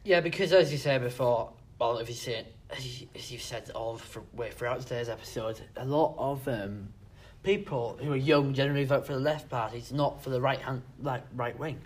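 A British man co-hosting a casual political podcast, teasing and halting, with many fillers. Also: mid-range voice, slightly rough. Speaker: podcast co-host.

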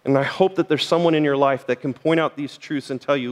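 A man's voice: on the high side, fairly even intonation, a little fast, few pauses. A middle-aged man preaching a sermon as pastor, speaking earnestly and directly to the congregation. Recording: church hall reverb.

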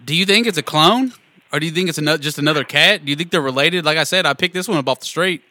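A man's voice: on the high side, fast talker, sharp tone, dry recording. A man co-hosting a podcast and making a prank call, talking casually with stammered restarts and frequent laughter. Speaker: podcast co-host and prank caller.

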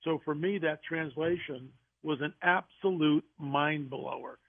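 Gravelly man on a phone line. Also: a little high. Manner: animated storyteller, quick restarts. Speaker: guest author. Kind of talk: radio interview.

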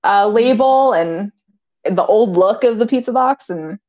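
A woman's voice: mid-range voice, expressive, unhurried, darkish tone. A woman co-hosting a podcast, recapping a TV episode in casual chat. She giggles often and quotes the characters in voices. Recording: slightly dull lo-fi sound.

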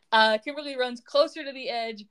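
A woman's voice: sits high, measured pace, fairly bright tone, clean tone. A young woman co-hosting a podcast, chatting casually and retelling scenes in a sarcastic, quoting way. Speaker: podcast co-host. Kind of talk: casual recap chat.

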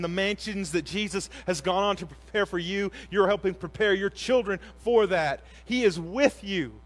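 Earnest preacher, male, 40s, a touch high-voiced, slow emphatic delivery with soft hushed stretches. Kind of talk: sermon.

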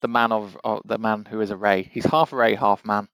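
A man's voice: on the low side, fairly even intonation, normal speed, a bit bright, dry recording. A young man co-hosting a casual game session with friends, joking around and laughing often. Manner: playful, laughs often, swears when frustrated. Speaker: game co-host. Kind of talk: casual let's-play chat.

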